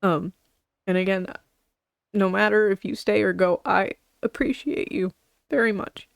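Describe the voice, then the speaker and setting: Woman, livestream streamer, tearful, halting, rambling, nervous laughter, dry close mic. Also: mid-range voice, steady tone, gravelly, no echo. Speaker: VTuber streamer. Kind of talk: emotional livestream talk to chat.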